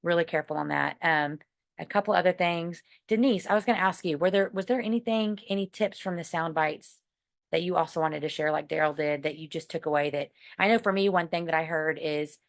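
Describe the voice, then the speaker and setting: A woman's voice: fairly low pitch, a little fast. A woman leading a team meeting on a video call, chatty, with many fillers and retold chats. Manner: chatty, full of fillers and retellings. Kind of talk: casual meeting talk.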